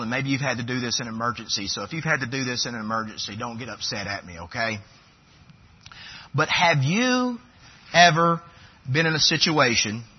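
A man's voice: medium pitch, slightly rough, lo-fi sound. A man preaching a sermon as pastor, building to fervent, emphatic repetitions.

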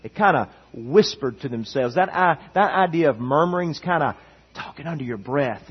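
A man's voice: on the high side, animated, moderate pace, husky. A man preaching a sermon as pastor, emphatic and repetitive, reading scripture aloud, recorded in dull lo-fi sound.

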